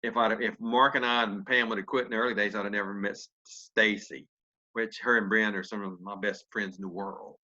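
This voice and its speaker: A man with a lowish, bright and forceful voice hosts a motivational video call. He speaks with upbeat, preacherly encouragement. The sound is dull and lo-fi, as video call audio often is. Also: fairly even intonation, fairly quick. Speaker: host. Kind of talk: motivational talk.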